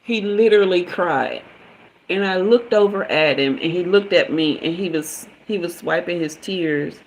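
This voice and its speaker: A woman hosting a live stream, telling a personal story in a casual, chatty way, with many fillers, talking straight to her viewers and jumping up high when she gets excited. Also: unhurried, slight background noise, low-quality recording. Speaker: livestream host and spiritual reader.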